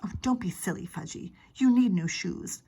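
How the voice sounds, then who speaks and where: A woman reading a storybook aloud, voicing a fussy, worrying mother who often talks in a hush. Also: medium pitch, moderate pace, gravelly, slightly rough, low-quality recording. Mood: firm. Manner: fretting, often hushed.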